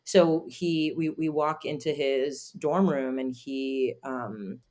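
A woman guest telling a personal story in an interview, halting, with many fillers and restarts. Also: very deep voice, a little mellow.

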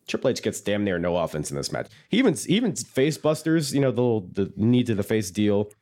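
A man with a low but very animated voice talks through a wrestling recap in loose, rambling podcast chat. He mocks himself often and laughs easily. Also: fast talker. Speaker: podcast co-host.

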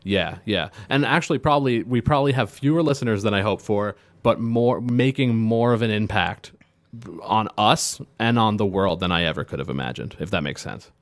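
A man with a low voice speaks with a thoughtful, reflective manner on a casual podcast. The sound is dry and close, with no room echo. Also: normal speed. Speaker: educator and podcast co-host.

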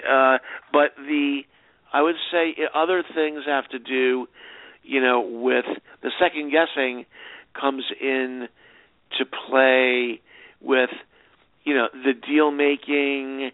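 A man's voice: medium pitch, little pitch movement, slow, no room sound. Man telling stories over a tinny line. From United States. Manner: rambling anecdotes with many restarts. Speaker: film director, guest. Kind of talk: casual interview answers. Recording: dry, tinny phone-line sound.

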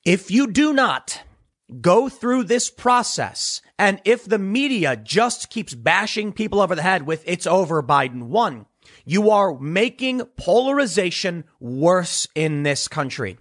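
High, animated man giving political commentary. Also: a little slow. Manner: emphatic, repeats words when excited.

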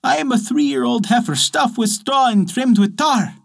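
A man voicing a talking straw ox that calls itself a young heifer, answering slowly in a sing-song way. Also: very high voice, expressive, vocal fry, voice pushed up, full character voice. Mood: calm.

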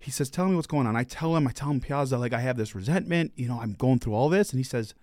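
A man's voice: mid-range voice, quick pace, darkish tone, no room sound, clean studio sound. A man hosting a podcast in casual conversation, earnest and encouraging, telling stories with quoted dialogue. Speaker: podcast host.

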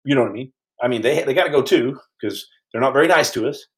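A man telling a story on his podcast in a casual, animated way, stumbling over restarts and acting out the quotes. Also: mid-range voice, quick pace, low-quality recording.

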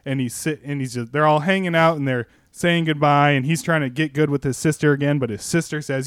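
A man's voice: on the high side, fairly quick, few pauses, a bit bright, clear, resonant tone, no room sound, studio quality. A young man recapping a movie plot in casual chat, sarcastic and rambling, laughing often. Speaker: podcast panelist pitching a movie.

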